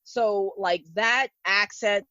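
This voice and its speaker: A woman hosts a casual podcast chat, rambling along with plenty of filler words. Her voice sits at a middling pitch. The audio is a little dull and muffled, with no room echo at all. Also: slow pace, bright, forceful tone. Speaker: podcast host.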